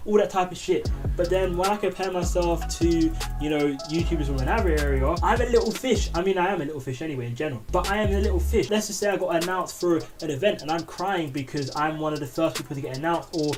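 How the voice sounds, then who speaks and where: A young man rattles through his commentary at speed, his voice sitting a little high for a man. He rambles and jokes at his own expense, with music playing clearly underneath him. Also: fast, hardly any pauses. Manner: chatty, rambling, self-deprecating. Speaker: commentary YouTuber host. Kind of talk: casual commentary. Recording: music bed behind the voice.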